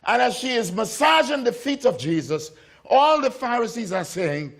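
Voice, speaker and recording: High-voiced male preacher telling a story. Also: big pitch swings, unhurried, fairly bright tone. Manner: storytelling preacher, repeats phrases, acts out voices of figures. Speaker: pastor. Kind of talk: sermon.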